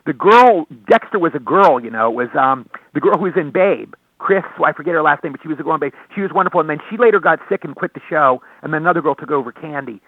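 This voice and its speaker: Fast-talking man on a tinny phone line. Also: a little high, dry recording. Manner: excitable storyteller, quick rambling delivery. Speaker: actor guest. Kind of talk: casual interview over phone.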